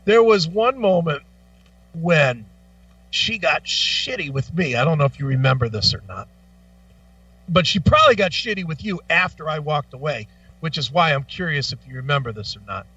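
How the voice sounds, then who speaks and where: A man co-hosting a radio talk show, telling stories with lots of profanity in a lively, animated way. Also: fairly high pitch, moderate pace, distant mic, highs cut off, faint music behind. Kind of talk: casual chat. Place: radio studio.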